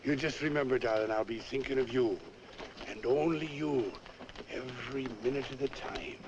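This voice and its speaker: A man's voice: mid-range voice, moderate pace, highs cut off, close to an everyday voice. A man in an old film playing a drunken, sweet-talking soldier who coaxes and teases his girl before leaving. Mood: boozy tender. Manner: coaxing, teasing, theatrical. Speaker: film actor. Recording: noisy old film soundtrack.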